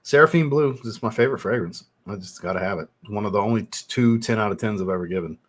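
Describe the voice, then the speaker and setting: A man's voice: lowish voice, fast. A man hosting a fragrance livestream, chatting casually with viewers, laid-back, swearing freely and laughing often. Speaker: fragrance reviewer and channel host.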